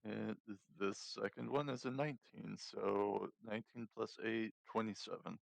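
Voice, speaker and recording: A man's voice: on the low side, steady tone, normal speed, creaky, dry recording, poor audio. A man playing a tabletop game who talks carefully and checks the rules aloud. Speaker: player. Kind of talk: casual tabletop play.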